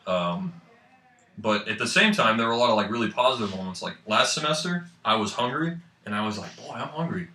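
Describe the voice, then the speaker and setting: Bright-toned young man with a New England accent. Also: lowish voice, a little fast. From New Hampshire. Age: young adult. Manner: rambling, animated storyteller with filler likes. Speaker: guest student. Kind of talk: casual radio chat. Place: college radio studio. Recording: roomy, distant mic.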